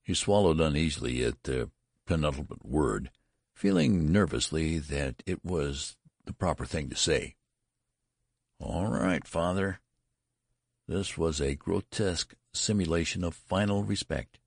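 A man narrating a story aloud in a lively storytelling delivery. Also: very deep voice, moderate pace, creaky, husky, dry recording, studio quality. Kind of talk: audiobook reading.

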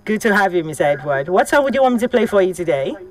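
Lively woman radio host. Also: medium pitch. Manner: brisk, upbeat, chatty with callers. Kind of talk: live radio request show.

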